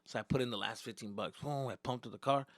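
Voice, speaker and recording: A young man doing stand-up, telling a story in animated, profane bursts with Spanish slang mixed in. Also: medium pitch, quick pace, no echo. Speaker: stand-up comedian. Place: comedy stage.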